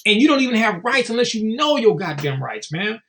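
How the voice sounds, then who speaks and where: A man with a high voice that swings widely up and down, talking as a guest in a relaxed interview. He is blunt and emphatic and swears freely. He tells stories and acts out what others said. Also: fairly quick, gravelly, a little hiss or hum. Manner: storytelling with acted-out quotes. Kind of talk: casual podcast interview.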